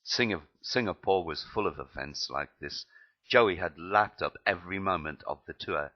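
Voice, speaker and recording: A man's voice: deep voice, moderate pace, lo-fi sound. A man reading his memoir aloud, plainly and with some slips and restarts. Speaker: narrator.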